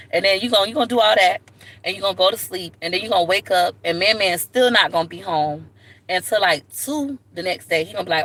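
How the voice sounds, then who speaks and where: A woman's voice: medium pitch, quick pace, fairly bright tone. A woman hosting a livestream, giving sassy, preachy relationship advice straight to the viewer in a comedic rant. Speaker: livestream host.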